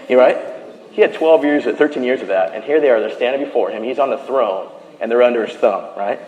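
A man preaching a sermon, retelling a scripture story in animated style and dropping to a hushed voice for quoted lines. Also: mid-range voice, brisk, lo-fi sound. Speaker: pastor. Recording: echoey hall.

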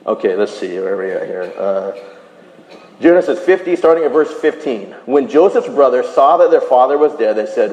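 A man's voice: medium pitch, normal speed, lo-fi sound. Preaching man in an echoey hall. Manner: animated storytelling, drops to a hush for quoted lines. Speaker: pastor. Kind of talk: sermon.

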